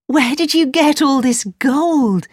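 A woman doing a high, pleading little girl. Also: brisk, darkish tone, breathy edge, dry recording, clean studio sound. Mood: eager.

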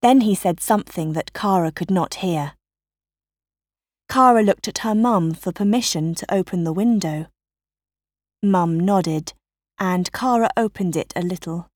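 A woman reading a children's story aloud in a slow, careful narrating voice. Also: on the low side, a little mellow, no echo, studio quality.

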